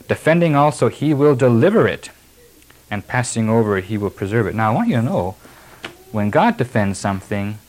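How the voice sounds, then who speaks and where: A man's voice: fairly low pitch, poor audio. A man preaching a sermon, reading verses and then explaining them emphatically. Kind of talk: sermon expounding scripture.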